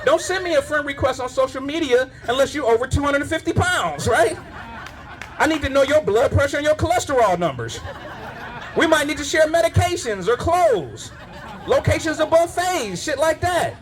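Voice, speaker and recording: A man's voice: extremely high pitch, expressive, moderate pace, some chatter behind. A male stand-up comedian doing a live set, telling loose, profane stories full of asides. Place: live comedy show at a winery.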